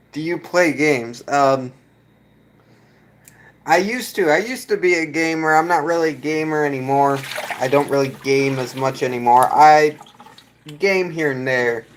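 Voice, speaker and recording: A man's voice: a little high, measured pace, pauses often, a little hiss or hum, rough recording. A man chatting casually with his viewers, rambling with fillers and restarts. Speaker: video creator reading chat. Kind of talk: casual live chat.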